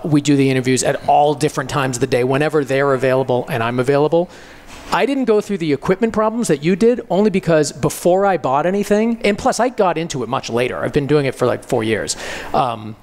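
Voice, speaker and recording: A man's voice: medium pitch, a little fast, darkish tone, a little hiss or hum. A man who directs commercials and runs a podcast, earnestly sharing his experience at a panel. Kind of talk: casual panel talk.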